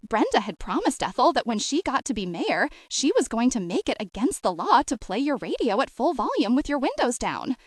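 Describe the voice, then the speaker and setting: A woman reads a novel aloud as an audiobook narrator, telling it with expressive flair. Her voice sits a little high and swings widely in pitch. The recording is dry and close, with no room sound. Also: breathy edge, dry recording. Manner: expressive, lively storytelling. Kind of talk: scripted narration.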